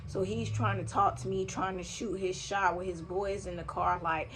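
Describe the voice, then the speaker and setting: A young woman with a fairly low voice tells a storytime on camera at home, animated and slangy, cursing freely as she goes. A faint hum of household noise sits under her voice. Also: normal speed, few pauses. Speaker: vlogger. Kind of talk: casual storytime vlog. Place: home room, vacuum running nearby.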